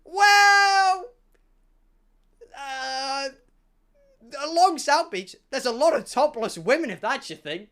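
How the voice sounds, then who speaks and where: A man's voice: very high voice, lively intonation, takes it slowly, pauses often, pushed and bright, pitched above the performer's own voice, exaggerated voice. A man voicing a friendly, talkative woman Uber driver with folksy speech. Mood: coy.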